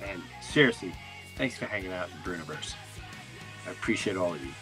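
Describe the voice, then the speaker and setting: A man's voice: low-pitched, expressive, a little fast, music in the background. A man who hosts a podcast and does stand-up, telling rambling stories in casual chat with many restarts. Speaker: podcast host and stand-up comedian.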